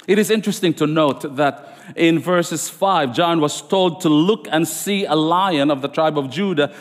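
A man preaching a sermon as pastor, emphatic and rising high on key lines. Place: church sanctuary. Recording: long reverb of a church hall.

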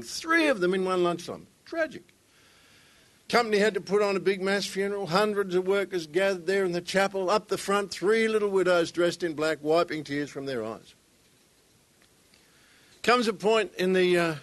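A man's voice: high voice, fairly bright tone. A man, a guest speaker who opens a church talk with a joke and tells it in a folksy, conversational way. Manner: folksy storyteller, conversational, some restarts. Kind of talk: sermon with joke.

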